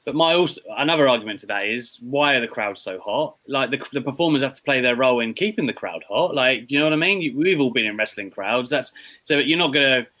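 A man's voice: mid-range voice, expressive, fast talker, pushed and bright. A man hosting a casual wrestling podcast, chatting in a rambling way with frequent restarts. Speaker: podcast host.

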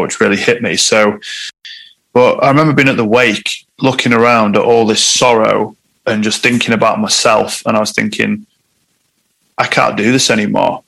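A man's voice: lowish voice, fairly bright tone, rough recording. A man, a guest telling a personal story in conversation, candid and reflective.

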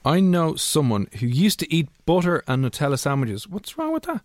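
A man's voice: on the high side, wildly swooping pitch, normal speed, dry recording, studio quality. A man hosting a radio show, playful and teasing as he reads out listener messages. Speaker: radio host. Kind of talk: casual chat.

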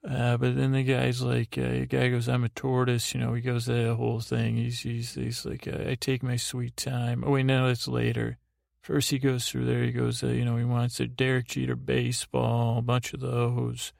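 A man's voice: medium pitch, completely flat delivery, normal speed, creaky, a little mellow, no echo, studio quality. A man hosting a bedtime podcast, recapping a TV episode in a meandering way, with many restarts and quoted lines in his own voice. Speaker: podcast host. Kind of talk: rambling sleepy episode recap.

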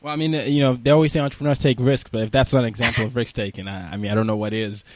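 A man hosting an interview, asking rambling, halting questions full of fillers. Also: mid-range voice, steady tone, noisy background. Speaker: interview host. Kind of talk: podcast interview.

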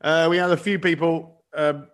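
A man's voice: a little high, fairly even intonation, moderate pace, a bit bright. A man hosting a comedy panel podcast, reading out listener answers and laughing often. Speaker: podcast host.

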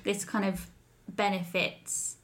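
A woman's voice: mid-range voice, slow pace. Woman co-host, chatty and giggly, tells ghost stories in casual banter. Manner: giggly, animated storyteller. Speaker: podcast co-host.

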